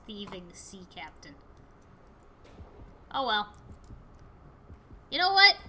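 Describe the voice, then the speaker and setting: A woman giving chatty, excitable commentary while playing a video game, yelping at what happens on screen. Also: a little high, slight background noise. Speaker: gaming video host. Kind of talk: casual gameplay commentary.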